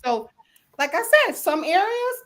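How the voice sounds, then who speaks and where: A woman hosting a faith podcast, telling stories in an animated, slangy way and acting out quotes, with a constant "you know what I'm saying?". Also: very high-pitched, a little slow. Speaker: podcast host. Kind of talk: casual faith talk.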